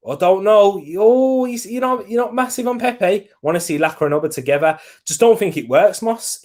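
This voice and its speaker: A young Englishman talks through a live football match in a casual watch-along. He chats loosely, answers viewer comments by name and breaks off to react to the play. His voice sits at an ordinary middle pitch. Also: darkish tone.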